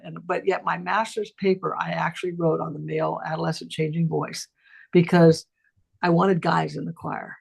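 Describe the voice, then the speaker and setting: A middle-aged woman, a voice teacher, telling a casual story on a talk stream and acting out the voices of the people in it with big jumps in pitch. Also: fairly even intonation, moderate pace, vocal fry, husky.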